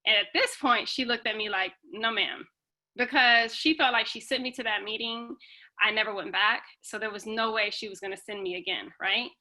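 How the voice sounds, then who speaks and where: Brief: woman, fairly high and bright tone, lively storyteller over a video call. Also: normal speed. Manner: animated, acts out the voices in her stories. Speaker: guest speaker sharing her story. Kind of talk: casual storytelling.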